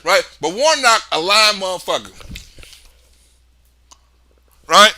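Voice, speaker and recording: A man riffing on a casual political livestream in a loud, excitable, profane way. His voice sits high and sounds sharp and very bright. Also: takes it slowly. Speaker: livestream host.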